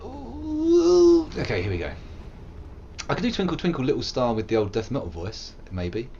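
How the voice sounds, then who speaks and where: A man's voice: lowish voice, sing-song, fairly quick, highs cut off, slight background noise. A British man in his thirties, chatting and joking casually while streaming a game live, prone to silly growls and bits of song. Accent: British English. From England.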